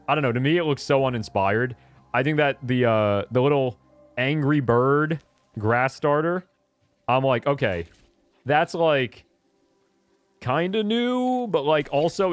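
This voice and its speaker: A young man talks over his gameplay in a loose, chatty way, his voice middle-pitched but swinging widely when he gets excited. He cuts himself off, laughs, and jumps into high squeals. Faint game music plays underneath. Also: no room sound. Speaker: streamer. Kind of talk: casual gameplay commentary.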